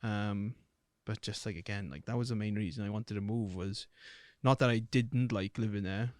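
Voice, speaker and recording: A man's voice: fairly low pitch, moderate pace, a little mellow, no echo, clean studio sound. A man from Wales with a Welsh accent, a podcast guest chatting casually, swearing freely and trailing off into restarts. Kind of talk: casual chat.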